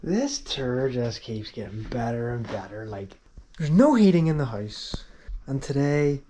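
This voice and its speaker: A man's voice: mid-range voice, sing-song, a little slow, over loud music. A young man, chatting casually and swearing freely as he vlogs from tour on a handheld action camera. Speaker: touring actor vlogging. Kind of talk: casual vlog chat.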